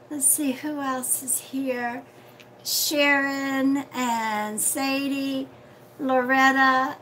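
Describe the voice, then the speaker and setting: High bright-voiced woman, unhurried. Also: slight background noise, low-quality recording. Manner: chatty, calls viewers sweetheart. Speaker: psychic reader hosting a livestream. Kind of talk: casual livestream chat, greeting viewers.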